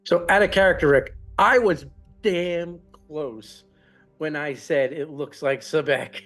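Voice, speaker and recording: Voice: mid-range voice, unhurried, a bit bright, soft background music. A player in a tabletop game, talking out of character in rambling explanations. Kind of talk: casual tabletop game chat.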